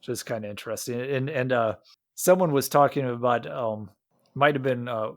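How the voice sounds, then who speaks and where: A man's voice: mid-range voice, normal speed, no echo, studio quality. A man from Iowa co-hosting a podcast, chatting casually about a movie with many fillers and restarts. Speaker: podcast co-host.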